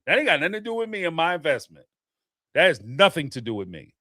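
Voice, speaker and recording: A man hosting a reality-TV podcast, talking in an animated, profane way and laughing often. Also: a little high, quick pace, dry recording, clean studio sound. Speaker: podcast host. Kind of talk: casual reaction commentary.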